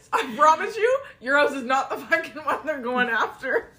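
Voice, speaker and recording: A woman's voice: high-pitched, sing-song, moderate pace, over a noisy crowd. A woman co-hosting a casual podcast chat, swearing freely, teasing and laughing often. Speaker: podcast co-host.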